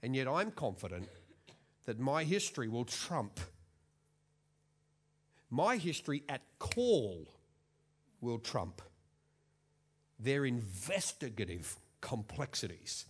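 A man's voice: mid-range voice, big pitch swings, takes it slowly, long pauses, slightly rough. A man in his forties, preaching a sermon in a chatty, self-mocking storytelling way.

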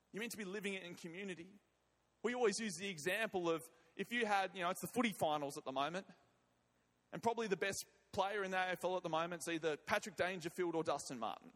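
A man with a high, slightly bright voice preaches a sermon and leads prayer, emphatically repeating words and phrases. The long reverb of a large hall surrounds him.

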